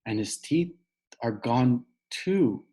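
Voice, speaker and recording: A man reading aloud and voicing an excitable schoolboy who talks in an eager, blurting way. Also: medium pitch, slow pace.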